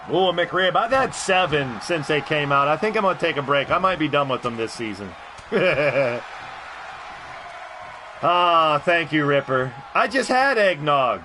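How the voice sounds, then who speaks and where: A man calling play-by-play on a wrestling video game for a live stream, rowdy and profane and often breaking into shouts while greeting his chat. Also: a little high, animated, a little slow, background noise.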